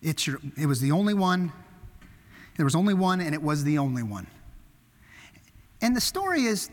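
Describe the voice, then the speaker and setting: A man preaching a sermon, telling stories with animated swings between loud emphasis and hushed asides. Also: a little high, normal speed, pauses often. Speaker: pastor. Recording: long hall reverb.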